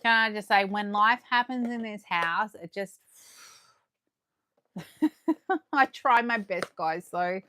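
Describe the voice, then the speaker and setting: A woman chatting excitedly to viewers as she unboxes collectibles live, her voice going a little hoarse. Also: mid-range voice, slow, pauses often. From Australia. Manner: chatty and excitable, gasping and laughing, talking to viewers. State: losing her voice. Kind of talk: casual live unboxing chat.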